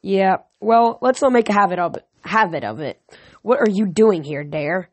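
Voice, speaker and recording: A male reader voicing a brisk, sharp-tongued teenage girl demigod in an audiobook reading, a little louder and higher than his narration. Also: animated, dry recording. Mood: curt.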